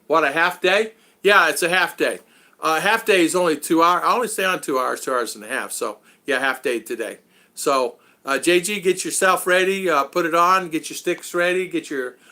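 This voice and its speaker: A man's voice: fairly high pitch, pushed and bright. A man hosting a casual live stream, rambling and chuckling, with many fillers.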